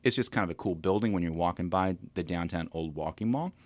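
A middle-aged man with a very low, deep voice co-hosts a casual local podcast. He talks in a loose, friendly way, full of ums and restarts. The sound is close and dry, with no room echo. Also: fast. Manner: chatty, hesitant with restarts and ums. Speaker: podcast co-host. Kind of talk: casual chat.

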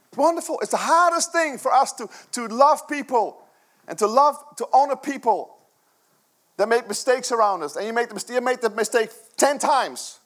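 A man's voice: extremely high pitch, animated, moderate pace, fairly bright tone. A middle-aged man preaching a sermon to his church, earnest and conversational, with many rhetorical questions. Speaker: pastor.

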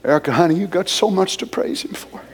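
A man preaching and praying with fervor, swinging between soft murmured prayer and loud high exclamations. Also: quick pace. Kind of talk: emotional sermon and prayer.

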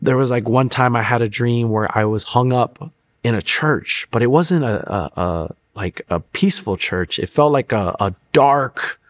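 A man's voice: mid-range voice, unhurried, no echo. A young man telling his personal faith testimony in an interview, earnest and reflective, often restarting his sentences. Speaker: testimony guest.

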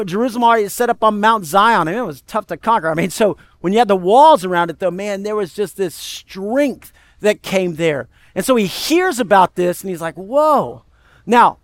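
Guy pastor preaching, kinda high voice, chatty and animated, dry close sound. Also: no echo. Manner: animated, conversational preaching with asides to the congregation. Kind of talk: sermon.

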